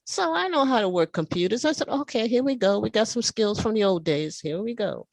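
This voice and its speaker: A woman in her seventies sharing her personal recovery story at a meeting, telling it in an animated, emotional way. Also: medium pitch, brisk, creaky, no echo. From United States. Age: 70s. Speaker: meeting speaker. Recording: video call audio.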